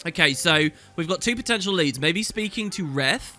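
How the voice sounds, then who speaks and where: Chatty, animated man narrating a game. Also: on the high side, normal speed. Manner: chatty, amused, thinking aloud. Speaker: let's play host. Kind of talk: casual game commentary. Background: game music.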